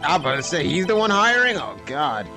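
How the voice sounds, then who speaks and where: A man's voice: on the high side, big pitch swings, a little fast, music in the background. A young man streaming a game, commenting in a joking, slangy, loose way. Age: young adult. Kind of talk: casual live game commentary.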